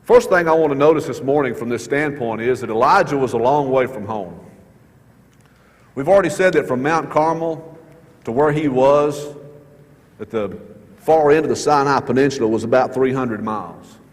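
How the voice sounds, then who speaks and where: A man preaching a sermon in church, earnest, repeating his key questions and slowing down to stress words. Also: medium pitch, long reverb tail. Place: church sanctuary.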